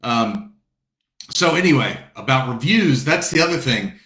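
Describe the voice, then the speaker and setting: A man's voice: medium pitch, expressive, a little slow, fairly bright tone, echoey room. A man from South Carolina hosting a casual book launch video call, greeting viewers by name and chatting in a rambling, friendly way. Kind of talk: casual chat.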